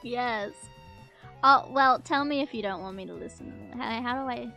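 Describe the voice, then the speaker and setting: A woman's voice: fairly high pitch, normal speed, vocal fry, sharp tone, faint music behind. A woman streamer chatting casually to her viewers, playful and teasing, often giggling. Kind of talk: casual live-stream chat.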